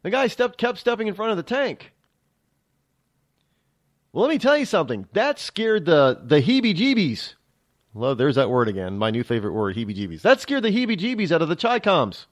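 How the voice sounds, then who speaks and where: American male radio host, lively up-and-down delivery, rambling opinionated monologue with frequent restarts. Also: fairly high pitch, moderate pace. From United States. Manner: rambling, emphatic, many restarts and asides. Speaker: radio talk show host. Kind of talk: political talk radio monologue.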